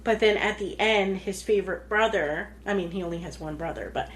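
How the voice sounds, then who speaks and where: A woman's voice: mid-range voice, brisk, slight background noise. A woman co-hosting a podcast, chatting casually about a film and acting out the characters' lines as she retells it. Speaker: podcast co-host. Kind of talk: casual chat recapping a film.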